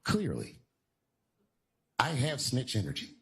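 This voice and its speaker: A man's voice: wildly swooping pitch, takes it slowly, noisy background. A man doing a stand-up set, self-mocking and acting out others in his stories. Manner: self-mocking, with sudden jumps in pitch. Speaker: stand-up comedian. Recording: live club with loud crowd.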